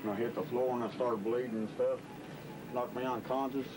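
A plain-spoken man with an Appalachian accent describes events in a matter-of-fact way. His voice is mid-pitched for a man. Clear background noise and passing vehicles fill the outdoor recording. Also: fairly even intonation, a little fast. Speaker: interviewee. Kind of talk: plain first-person account.

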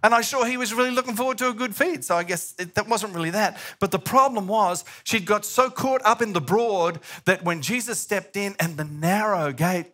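A middle-aged man preaching a sermon, telling the story with lively animation and acting out the voices he quotes. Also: high-pitched. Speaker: pastor.

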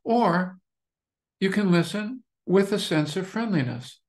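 A man's voice: sits high, slow. Male meditation teacher, loose conversational talk, circles back on his phrases. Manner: relaxed, repetitive, searching phrasing with many restarts. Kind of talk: dharma talk.

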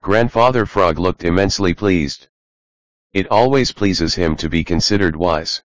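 A man narrating a children's animal storybook audiobook in an even reading manner. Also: sits low, a little slow, no room sound, low-quality recording. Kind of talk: scripted narration.

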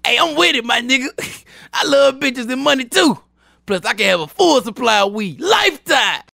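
A man's voice: very high-pitched, expressive, moderate pace, gravelly, pushed and bright, dry recording, studio quality, heavily acted. A man voicing a crude, laid-back cartoon character who cusses in slang. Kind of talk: comedic cartoon voice acting.

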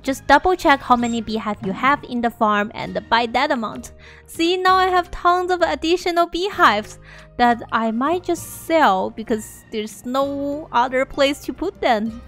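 High-voiced, excitable woman gaming. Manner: excitable, laughs and gasps often. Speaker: gameplay video creator. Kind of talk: chatty gameplay commentary.

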